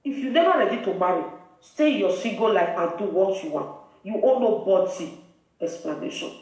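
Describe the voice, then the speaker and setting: A Nigerian woman lecturing her viewers in a reproachful, preachy tone. Her voice sits at an ordinary pitch and comes from some distance off the mic, in a very echoey room. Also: lively intonation, moderate pace, a little mellow. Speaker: live video host. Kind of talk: scolding live-video commentary.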